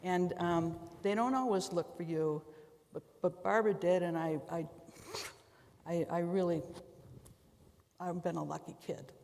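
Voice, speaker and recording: A woman law professor speaking on a conference panel, a lively storyteller with quick folksy asides. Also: lowish voice. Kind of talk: panel discussion on stage. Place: large conference hall. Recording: long hall reverb.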